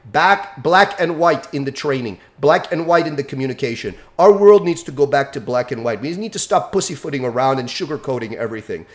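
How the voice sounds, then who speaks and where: Male dog trainer, angry and blunt, fires off rhetorical questions in a high, swinging voice. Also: animated, a little fast. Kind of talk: angry direct-to-camera rant.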